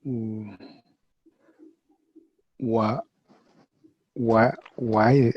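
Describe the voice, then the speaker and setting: A man's voice: fairly low pitch, steady tone, extremely slow, husky, dry recording, lo-fi sound. A man learning French in a one-on-one lesson, hesitantly sounding out words. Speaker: language student.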